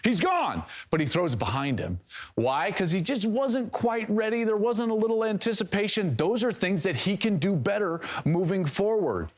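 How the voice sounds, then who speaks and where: A man working as a college football analyst, breaking down game film in an excitable, exclamatory way. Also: high voice, moderate pace.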